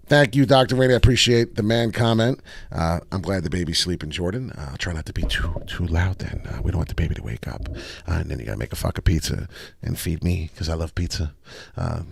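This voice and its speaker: A man hosting a casual crypto livestream, talking through charts with excitement and plenty of swearing, and greeting viewers from the chat. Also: deep voice, no echo, studio quality. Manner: excitable, profane, reads chat aloud.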